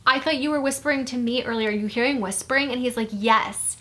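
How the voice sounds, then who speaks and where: A young woman recounts a story to her viewers in a relaxed, rambling way. Her voice sits a little high, and "like" slips in constantly as she talks. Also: quick pace, few pauses. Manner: chatty, fills speech with "like". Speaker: vlogger. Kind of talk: casual storytime.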